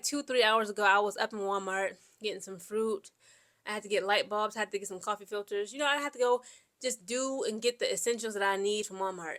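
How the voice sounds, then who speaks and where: An Air Force veteran vlogger from Central Ohio tells personal stories casually in a medium-pitched voice. She's chatty and rambling, sprinkling in "like" and "okay?", and quotes people in lively back-and-forth.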